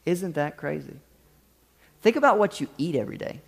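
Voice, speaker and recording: A pastor in his thirties preaches a sermon with a slightly high voice. He tells stories, acts out the quoted voices and turns to the congregation with lively asides. The sound rings with the long reverb of a hall. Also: normal speed, gravelly, husky.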